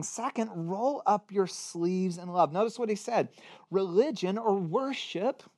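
Guy pastor preaching, talky and easygoing, gets loud then drops real quiet. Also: high voice. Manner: conversational preaching with wide swings from loud to hushed. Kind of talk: sermon.

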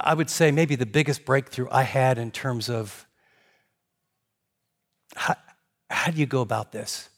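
An older man preaching a sermon in a conversational, animated way, jumping to high emphatic peaks and dropping to quiet asides. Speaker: pastor.

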